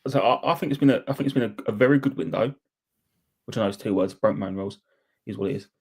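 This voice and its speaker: A man's voice: lowish voice, quick pace, slightly rough. A man co-hosting a football fan podcast, speaking in a laid-back, self-mocking way. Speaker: podcast co-host. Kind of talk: casual fan podcast chat.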